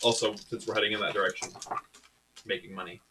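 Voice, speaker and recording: A man's voice: lowish voice, level tone, fast, background noise. A man raised in the Atlanta suburbs, joking and arguing as a player in casual tabletop game banter.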